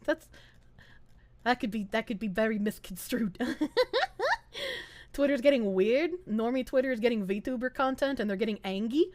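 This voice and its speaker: High-pitched, lively young Southern woman streamer, bursts of laughter, casual swearing, dry close sound. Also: moderate pace, no room sound. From American South. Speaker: VTuber streamer. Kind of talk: casual stream chat, reading chat aloud.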